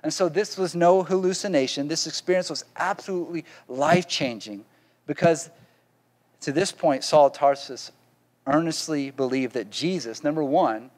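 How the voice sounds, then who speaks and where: A man's voice: fairly high pitch, moderate pace, a little mellow. A man preaching a sermon as pastor, repeating words and often checking in with "right?".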